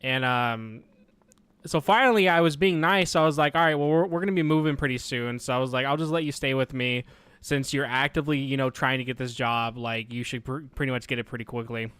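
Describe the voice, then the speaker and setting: A young man telling a long story in casual, exasperated rant style, quoting himself and his roommate in quick back-and-forth. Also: mid-range voice, fairly bright tone, clean tone, dry recording.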